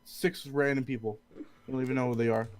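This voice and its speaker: A young man telling a silly made-up story in a deadpan way during a casual chat. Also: mid-range voice, fast talker, clear, resonant tone.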